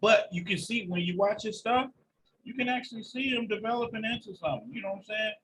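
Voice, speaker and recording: High-voiced man, bright, swearing storyteller. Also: quick pace, a little hiss or hum, poor audio. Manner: animated storytelling, heavy profanity. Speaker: podcast host. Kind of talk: casual podcast chat.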